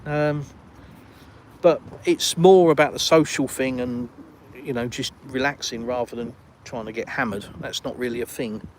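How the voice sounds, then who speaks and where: A retired Englishman hosts a live stream while walking outdoors through a village, his voice medium-pitched at normal speed with slight background noise. Relaxed and chatty, he reads viewer comments aloud and then answers them.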